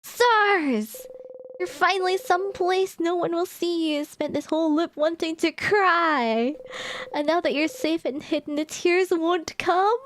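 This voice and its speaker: A woman's voice: very high voice, creaky, a little hiss or hum. A woman streamer reading game text aloud and reacting expressively, exclaiming and laughing between passages.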